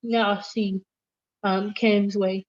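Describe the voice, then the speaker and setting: A woman's voice: medium pitch, flat delivery, slow. Hesitant young woman student, dull audio. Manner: hesitant, thinks aloud. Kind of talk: answering in an online lesson.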